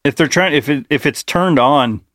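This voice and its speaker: A man's voice: fairly high pitch, normal speed, a bit bright, no room sound, studio quality. Laid-back man, slightly sick. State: a little sick, coughing. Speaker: podcast co-host. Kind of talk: casual comedy chat.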